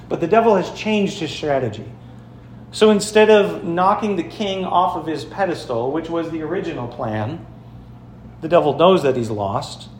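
A man's voice: on the high side, darkish tone, slight background noise. Emphatic man preaching in an echoey sanctuary. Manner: storytelling, emphatic, addresses congregation directly. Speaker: pastor. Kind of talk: sermon. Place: church sanctuary.

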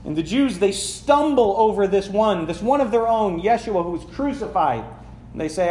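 A pastor in a church sanctuary preaches a sermon, reading scripture aloud and explaining it conversationally while posing questions to the congregation. His high-pitched voice is animated and warm at a normal speed, with noticeable reverb.

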